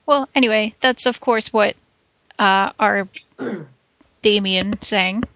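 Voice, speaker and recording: A woman's voice: medium pitch, takes it slowly, a bit bright, no room sound. A woman co-hosting a casual chat, chatty and agreeable. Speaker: podcast co-host. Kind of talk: casual chat reviewing TV episodes. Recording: dry, dull lo-fi podcast recording.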